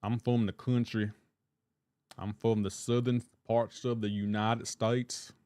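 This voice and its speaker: Guy doing a low slow southern drawl, simple earnest country man, dry close mic. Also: little pitch movement, warm tone, no room sound.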